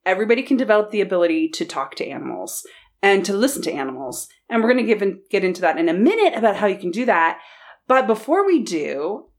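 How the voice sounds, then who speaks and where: A woman co-hosting a podcast in casual chat, an animated storyteller who laughs often and swears freely. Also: medium pitch, quick pace. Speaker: podcast co-host.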